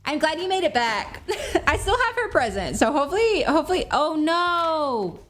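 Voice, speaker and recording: Bubbly young woman streamer, lively pitch. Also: moderate pace, faint music behind. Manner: bubbly, apologetic, giggly, chatty. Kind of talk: casual gameplay chat.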